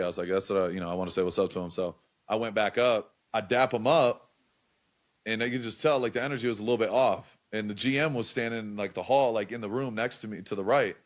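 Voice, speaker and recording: A young man tells a story as a podcast guest in a low voice. He rattles along at a fast clip. He stays loose and casual, packing his talk with slang and filler words in an animated, storytelling flow.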